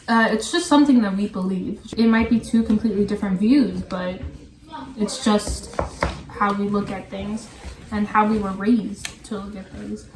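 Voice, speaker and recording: A young woman guest in a casual chat, relaxed and full of fillers, often trailing off softly. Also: medium pitch, moderate pace. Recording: echoey room, mic a bit far, faint hiss.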